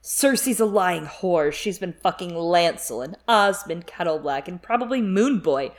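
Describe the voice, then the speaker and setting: A woman reading out the lines of a bitter male dwarf who snarls with malice, in a lowish voice. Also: lively intonation, unhurried. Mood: snarling.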